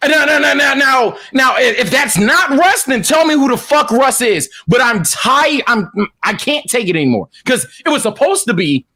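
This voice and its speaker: A man with a very high, bright voice rants on a casual podcast. He sounds exasperated and profane, piling up repeated words, and his pitch swings widely as he pushes his points. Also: lively intonation, normal speed. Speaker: podcast co-host.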